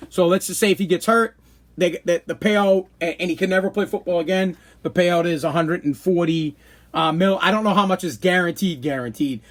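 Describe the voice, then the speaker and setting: A man talks in a fairly high voice for a man. He rants casually and opinionatedly, joking and blunt, like a host chatting on his own podcast stream. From Boston, New England. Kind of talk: casual live-stream rant.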